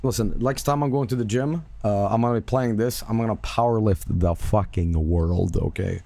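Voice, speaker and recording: A man's voice: on the low side, normal speed, gravelly, mellow, no echo. A man streaming live and chatting casually with viewers, joking, swearing and sarcastic, with music playing behind him.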